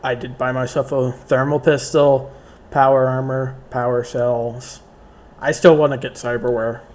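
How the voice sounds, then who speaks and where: A man's voice: mid-range voice, level tone, a little slow, a little mellow, a little hiss or hum. A man playing a tabletop game, brash and swearing as his character. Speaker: player.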